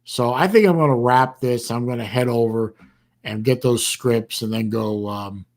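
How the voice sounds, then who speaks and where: Guy doing a laid-back livestream, rambly and halting, dry sarcastic bits. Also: mid-range voice, darkish tone. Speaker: livestream host. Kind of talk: casual livestream chat.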